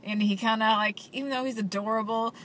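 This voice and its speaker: Young female vlogger, rambling and eager, with a bright, fairly high voice. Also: fairly even intonation, fairly quick, a little hiss or hum. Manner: rambling, filler-heavy, enthusiastic. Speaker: vlogger reviewing a film daily. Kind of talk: casual daily video diary.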